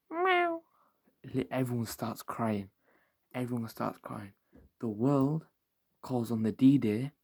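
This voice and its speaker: A man, an ASMR creator telling a long, rambling, absurd story in a soft-spoken way. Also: medium pitch, slight background noise.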